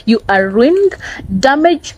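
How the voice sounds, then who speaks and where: A woman acting out a bitter older mother with a Nigerian accent, scolding her grown daughter in a reproachful, preachy tone. The voice sits somewhat high and lifts above the reader's own, as in a dramatic book reading. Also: very animated, slow, background noise, full character voice.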